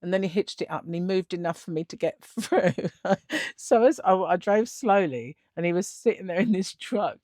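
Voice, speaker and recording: Woman, middle-aged, casual storytelling, lively rising and falling voice, dry close sound. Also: fairly low pitch, normal speed, dry recording. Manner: chatty, laughs often, acts out the other people in her stories. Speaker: vlogger.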